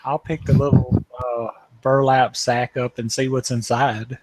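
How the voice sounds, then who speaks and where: A man's voice: medium pitch, little pitch movement, unhurried, no room sound, rough recording. A man taking part as a player in a tabletop role-playing game, describing his actions in a casual, stumbling way.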